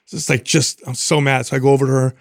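A man co-hosting a podcast, telling a long story in casual chat, rambling and animated, swearing freely. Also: mid-range voice, fast talker, gravelly, dry recording, clean studio sound. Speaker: podcast co-host.

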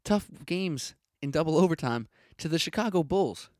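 A man's voice: fairly high pitch, lively intonation, normal speed, darkish tone, dry recording, studio quality. A young man hosting a solo sports podcast, ranting in a punchy, opinionated way with lots of rhetorical questions.

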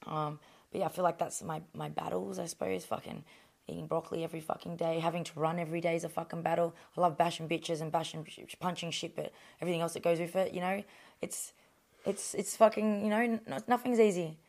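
A woman's voice: fairly low pitch, steady tone, fast talker, vocal fry, a little mellow. An Australian woman, a professional boxer, talking bluntly and rambling, with constant swearing, in an interview. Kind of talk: candid interview chat.

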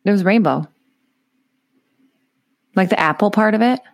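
Woman co-host, gravelly and teasing, dry close recording. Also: mid-range voice, a little slow, dry recording. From Minnesota. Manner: teasing, joking. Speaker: podcast co-host. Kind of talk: casual chat.

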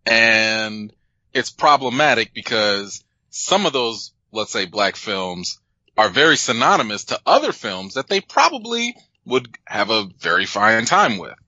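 A man hosting a casual panel of film critics, joking with his guests and summarizing their points in a relaxed way. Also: lowish voice, unhurried, dry recording, lo-fi sound.

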